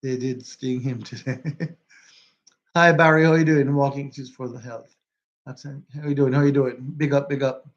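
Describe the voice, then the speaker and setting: A chatty man with a Jamaican accent talks to his livestream viewers, repeating phrases and greeting people by name. His voice sits at a middle pitch. The phone recording sounds slightly dull and lo-fi. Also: fairly even intonation, moderate pace. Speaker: livestream host. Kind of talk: casual livestream chat. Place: walking outdoors.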